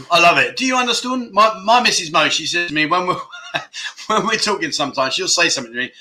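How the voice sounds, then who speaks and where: Bright-voiced London man hosting a chat show. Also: a little high, expressive, fairly quick, a little hiss or hum. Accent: London English. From London, England. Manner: chatty and jokey, rambling with restarts and laughs. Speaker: livestream chat show host. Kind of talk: casual livestream chat, reading out viewer comments. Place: living in Thailand.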